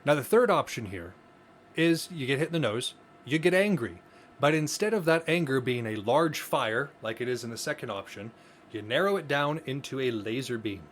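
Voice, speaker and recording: A man's voice: medium pitch, expressive, moderate pace, a bit bright. A man with a mid-range voice talks through his ideas on a casual podcast. He explains earnestly and often restarts his sentences. A faint hiss sits under the recording. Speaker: podcast co-host.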